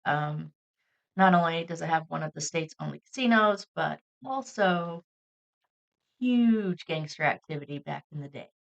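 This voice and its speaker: Woman with a gravelly, creaky voice. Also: deep voice, a little slow, dull audio. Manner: chatty, relaxed, with frequent fillers. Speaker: podcast co-host. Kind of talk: casual podcast chat.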